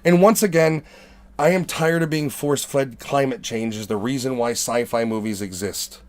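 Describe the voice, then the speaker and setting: A man's voice: medium pitch, moderate pace. A man hosting a podcast, ranting in casual, profane chat. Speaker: podcast host.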